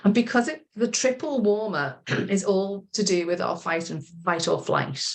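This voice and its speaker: A woman coach leading a group session over a video call, guiding a relaxation exercise in a gentle, encouraging, chatty way. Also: mid-range voice, lively intonation, normal speed, gravelly. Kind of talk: guided relaxation instruction.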